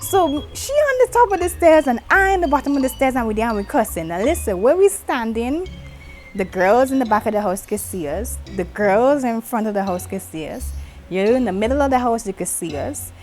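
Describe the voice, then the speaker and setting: High, lively woman telling a story. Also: fairly quick, faint music behind. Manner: lively, dramatic retelling with acted-out quotes, talks with her hands. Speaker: vlogger. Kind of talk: animated storytelling.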